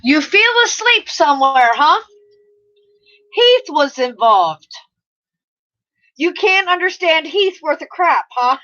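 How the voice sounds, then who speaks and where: Middle-aged woman, high and bright, chatty streamer who swears and laughs easily, muffled lo-fi audio. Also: very animated, slow, long pauses. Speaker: live streamer. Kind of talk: casual chat reading live comments. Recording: slightly muffled lo-fi mic audio.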